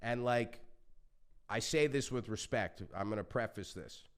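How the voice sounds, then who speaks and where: A man talking as a podcast guest, telling stories in a passionate, animated way and swearing freely. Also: mid-range voice, unhurried, smooth. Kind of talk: casual interview talk.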